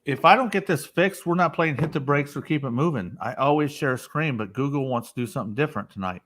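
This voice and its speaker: A man's voice: a little high, quick pace, a bit bright. A man hosting a casual livestream chat, talking bluntly and with plenty of cursing. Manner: blunt, profane, conversational. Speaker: host.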